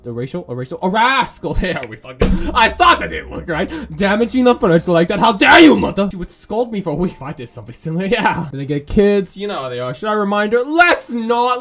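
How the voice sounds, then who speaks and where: A man's voice: high-pitched, very animated, a little fast, hardly any pauses, noisy background. A man doing let's play commentary, reading game text aloud and cracking profane, rambling jokes. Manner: profane, rambling, jokey asides. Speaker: gaming YouTuber. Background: faint game music.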